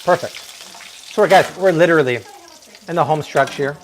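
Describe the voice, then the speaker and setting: A man's voice: on the high side, moderate pace, slight background noise. A man hosting a live cooking demonstration in his kitchen, talking enthusiastically and exclaiming over the food. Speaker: cooking show host. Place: home kitchen.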